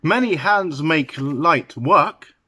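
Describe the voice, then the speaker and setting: Man, bright voice, dry close sound, patient teacher explaining idioms, halting delivery. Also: a little high, expressive, no room sound. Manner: unhurried, halting with fillers and restarts. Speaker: English teacher.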